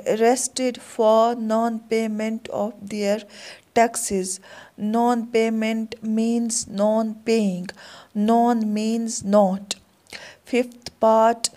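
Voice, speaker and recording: A woman teacher speaking at a slow, unhurried pace, patiently working through vocabulary one word at a time. Her voice sits a little high but stays flat and even. The tone is mellow and soft. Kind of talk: slow classroom explanation of English exercises.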